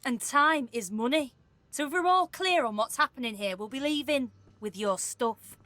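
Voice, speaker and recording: An actress playing a smug, mocking thief in a video game. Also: female voice, high voice, lively intonation, normal speed, bright, forceful tone, no room sound. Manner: smug, taunting.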